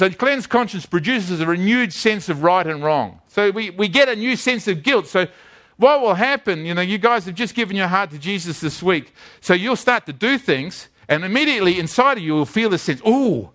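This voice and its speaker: A man's voice: sits high, expressive, moderate pace, a bit bright. A man preaching a sermon as a pastor, telling stories earnestly and often repeating his words.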